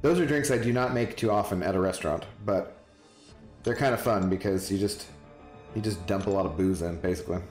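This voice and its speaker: A man's voice: low voice, a little fast, darkish tone. Man, game streamer, rambling casual chat, answers viewers by name, roomy echo, music playing behind.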